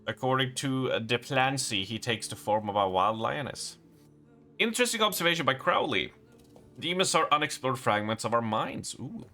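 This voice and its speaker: Lively, bright-voiced man streaming a game. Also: mid-range voice, normal speed, soft background music. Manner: chatty, talks to chat, reads in-game letters aloud. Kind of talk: live gameplay commentary, reading game text aloud.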